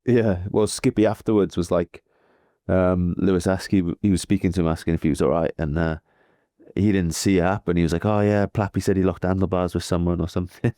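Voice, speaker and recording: A man's voice: sits low, fairly even intonation, fairly quick, dark tone, no echo, studio quality. A Welsh man co-hosting a cycling podcast, telling stories in a laid-back, chatty way. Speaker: podcast co-host, pro cyclist. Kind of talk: casual podcast chat.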